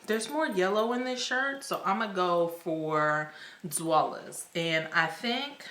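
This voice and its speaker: A young woman filming a casual makeup tutorial, chatty and slangy with excited exclamations. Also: lowish voice, slow pace. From United States. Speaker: beauty vlogger. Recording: echoey room.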